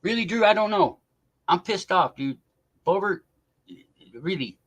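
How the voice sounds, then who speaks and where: A man's voice: sits high, expressive, measured pace, fairly bright tone. A man hosting a casual live stream, rambling and swearing in exasperation while he chats with viewers.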